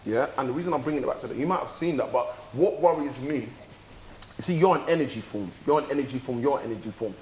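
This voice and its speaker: A man, telling a story on a podcast in a casual, animated way and acting out the dialogue with some swearing. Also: medium pitch, quick pace, a little hiss or hum. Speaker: podcast co-host. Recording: echoey room.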